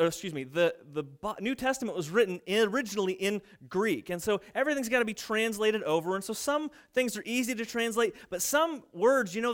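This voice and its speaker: A man's voice: sits high, a bit bright. A man in his thirties preaching a sermon, telling family stories and acting out the voices of his kids and parents. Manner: storytelling, acts out quoted family voices. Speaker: pastor.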